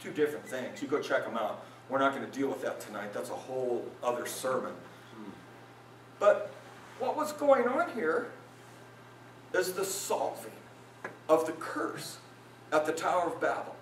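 A male pastor preaching a lively sermon at a men's retreat, his voice climbing when he acts out the crowd. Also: a little slow, pauses often, slight background noise. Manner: animated, voice rises high when acting out listeners. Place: conference hall at a retreat. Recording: roomy hall sound, mic from a distance.

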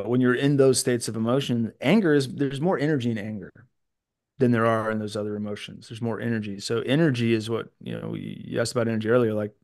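A man coaching in a casual podcast conversation, reflective and quick to laugh, with many restarts. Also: mid-range voice, a little mellow. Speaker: self-mastery coach, guest.

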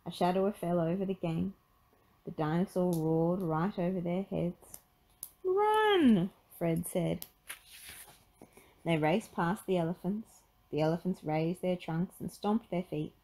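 Reading from a children's picture book, a woman tells the story expressively at a normal speed. Her voice leans low, and the recording sounds poor.

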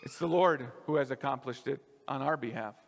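A male pastor preaching a sermon in a church, casual and conversational, dropping softer on key lines. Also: medium pitch, a little fast, vocal fry, in a large hall. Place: church sanctuary.

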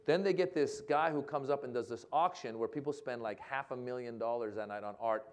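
A man, a comedian, telling a lively anecdote at a talk event and acting out the other people in it. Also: medium pitch, fairly quick. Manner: animated storytelling, acting out other people's lines. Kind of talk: stand-up style anecdote. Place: lecture hall event.

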